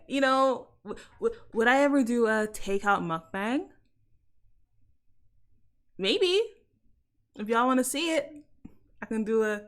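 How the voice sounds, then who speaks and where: Young English woman, casual stream chat, playful and giggly, slightly high voice. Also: fairly bright tone. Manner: playful, chatty, laughs often, repeats herself.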